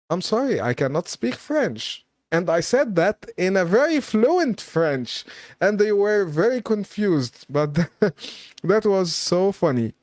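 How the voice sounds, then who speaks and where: A man chats casually to his viewers on a live stream, reading out their comments and laughing along. He speaks at an unhurried, slow pace, and the recording is dry and close, with no room sound. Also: on the high side, a little mellow, dry recording. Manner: chatty, laughs often, reads viewer comments aloud.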